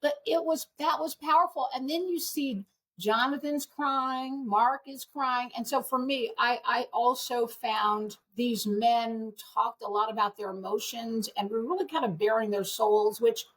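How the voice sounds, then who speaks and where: A middle-aged woman, the hosts' mother, chatting as a guest on a podcast and telling stories in an animated, emotional way, acting out what others said. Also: fairly high pitch, unhurried. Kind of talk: casual chat.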